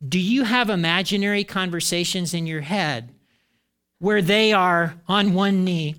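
A middle-aged male pastor preaching a sermon in an animated way, acting out the voices he quotes. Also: high voice, unhurried, clean tone.

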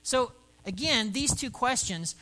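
A man's voice: very high voice, lively intonation, a little slow, pushed and bright. A male pastor preaching a sermon, telling a story and acting out both sides of a conversation, often repeating words and restarting phrases as he thinks aloud.

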